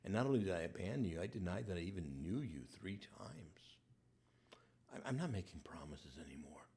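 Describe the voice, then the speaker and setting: A man doing a hushed, remorseful grown man. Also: lowish voice, big pitch swings, breathy edge, full character voice. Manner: hushed, halting, half-whispered confession.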